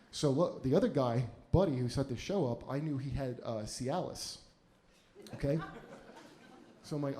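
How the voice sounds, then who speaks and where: A man's voice: mid-range voice, a little fast, mellow. A male comedian and podcast host telling a rambling, profane personal story in casual chat, often laughing as he goes.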